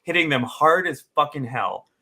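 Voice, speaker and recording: A young adult man from Wisconsin co-hosts a casual podcast chat. His voice is bright and edgy, and it swoops up and down as he jokes, rants and slips into silly impressions. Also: on the high side, expressive, normal speed. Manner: loud, jokey, breaks into silly voices and singing. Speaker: podcast co-host.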